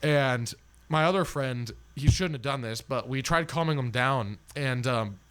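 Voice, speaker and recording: A man's voice: medium pitch, a little slow, a bit bright, clean tone. A man telling a long, rambling story as a podcast guest, swearing freely and packing in fillers. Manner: rambling and profane, heavy on fillers.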